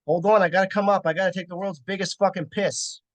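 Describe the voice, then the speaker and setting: A man voicing a crude, loud young woman from Brooklyn with a thick Brooklyn accent in an amateur audio drama. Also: sits high, fairly even intonation, fast, lightly acted. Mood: urgent.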